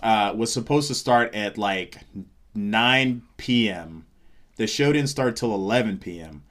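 Animated male comedian telling a story. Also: lowish voice, measured pace. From Seattle, USA. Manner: animated, acts out quoted lines. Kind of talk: casual storytelling.

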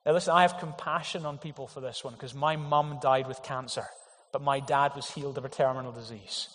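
A man's voice: mid-range voice, fairly even intonation, fairly quick, fairly bright tone. Earnest preaching man in echoing hall. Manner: earnest, emphatic preaching with rhetorical questions. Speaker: pastor. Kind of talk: sermon. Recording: long hall reverb.

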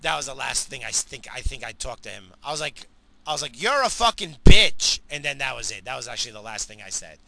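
Middle-aged guy ranting a story, swears a ton, rambles, real bright piercing voice. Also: medium pitch, fast, gravelly. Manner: profane, rambling, laughing at his own story. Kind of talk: casual storytelling monologue.

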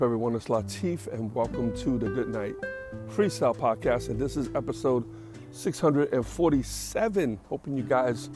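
A man hosting his own podcast in casual solo chat, rambling and correcting himself, a little out of breath. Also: medium pitch. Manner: rambling, self-correcting, chatty. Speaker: podcast host.

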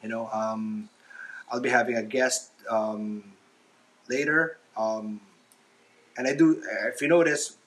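This adult father runs a casual solo podcast from his kitchen as he does the dishes, talking hesitantly with lots of ums, restarts, and self-consciousness. He speaks slowly at a medium pitch, with a steady, slightly bright tone, and pauses often. Audio quality is poor.

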